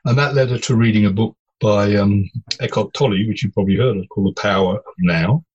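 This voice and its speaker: A man, a podcast guest, telling personal stories in an animated, digressive way. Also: lowish voice, a little fast, slightly rough, dull audio. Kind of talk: storytelling in casual conversation.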